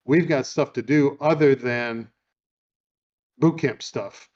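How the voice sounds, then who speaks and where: A man's voice: medium pitch, slow pace, darkish tone, dull audio. A man hosting a podcast, telling amused stories in a casual chat and retelling a film. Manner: chatty, amused storyteller. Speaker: podcast host.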